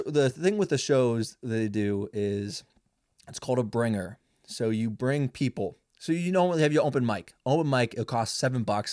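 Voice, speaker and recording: A man's voice: medium pitch, no echo. Rambling, profane young man, dry room. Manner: rambling, profane, self-mocking. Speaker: podcast host. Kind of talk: casual solo podcast monologue.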